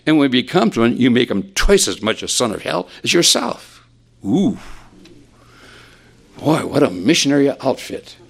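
Preaching with animated energy, this man pushes his pitch upward for emphasis and then sinks to a hush. He often repeats words as he restarts, and his voice has a creaky quality.

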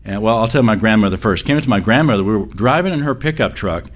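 A man's voice: lowish voice, animated, fast talker, hardly any pauses. A man preaching in a conversational, storytelling way, rambling with frequent restarts as he recalls family memories. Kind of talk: sermon storytelling.

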